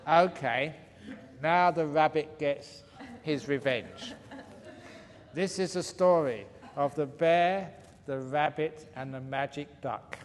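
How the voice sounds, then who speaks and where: A man's voice: on the high side, slow pace. Playful man telling jokes at a retreat. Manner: playful, chuckles at his own jokes. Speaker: meditation teacher. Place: retreat hall. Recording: faint hall reverb, light room noise.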